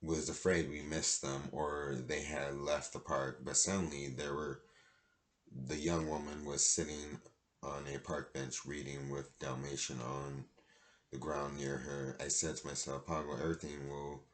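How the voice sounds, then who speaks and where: A man reads a children's storybook aloud in a plain way, now and then stumbling and restarting. His voice is extremely deep and stays nearly flat in pitch. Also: a little slow. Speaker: reader.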